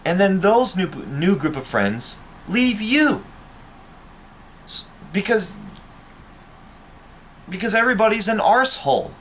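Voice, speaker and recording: A man's voice: sits high, big pitch swings, unhurried, pauses often, a bit bright, slight background noise. A man, a vlogger, ranting to camera in a bitter, angry and profane way. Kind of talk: personal rant to camera.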